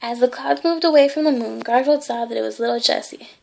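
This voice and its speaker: A woman reading a bedtime story aloud in a gentle way, adding small asides. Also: on the high side, fairly quick, vocal fry. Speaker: reader.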